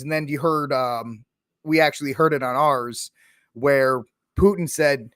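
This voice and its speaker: Podcast host, male, fairly high voice, opinionated and mocking, dry close sound. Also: lively intonation, moderate pace, a bit bright, no echo. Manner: opinionated, mocking, acts out impressions of politicians. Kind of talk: casual political commentary.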